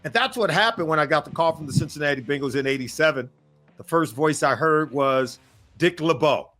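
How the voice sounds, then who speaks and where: A man around sixty looks back fondly in an interview, his bright, forward voice sitting a little high. He speaks in measured phrases while faint music plays underneath. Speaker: former player. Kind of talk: storytelling in an interview.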